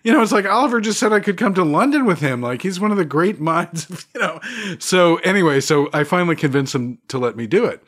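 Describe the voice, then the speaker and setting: A man as a guest, telling stories in an animated conversational way, laughing often. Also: fairly high pitch, brisk. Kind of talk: conversational storytelling.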